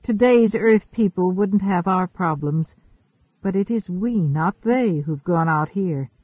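A man voicing a gentle, wise woman traveler. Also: sits high, takes it slowly, no echo. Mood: reflective. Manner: gentle, reasoning. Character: wise, caring woman, ageless space traveler. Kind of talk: audiobook character reading. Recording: thin phone-like dry audio.

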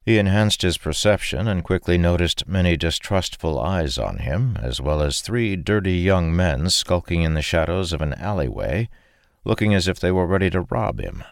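Deep-voiced male audiobook narrator. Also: big pitch swings, normal speed, creaky, no room sound, clean studio sound. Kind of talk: scripted fantasy narration.

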